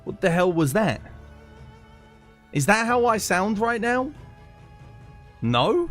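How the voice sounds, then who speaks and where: Animated British man streaming live. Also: sits high, slow, pauses often, faint music behind. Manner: animated, laughs and swears freely. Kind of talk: casual live-stream chat. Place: home streaming setup.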